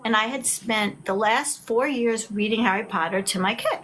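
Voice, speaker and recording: A middle-aged woman, talking as an author guest in a casual video chat. She tells her stories with lively acted-out quotes. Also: mid-range voice, moderate pace, slight background noise. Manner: animated storyteller, acts out quotes.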